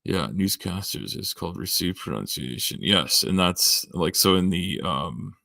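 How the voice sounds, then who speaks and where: A man's voice: deep voice, animated, a little slow, creaky, bright, forceful tone, no echo, studio quality. A middle-aged man with a Southern Ontario accent, a livestreamer rambling as he thinks aloud and answers his chat. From Canada. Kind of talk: casual chat.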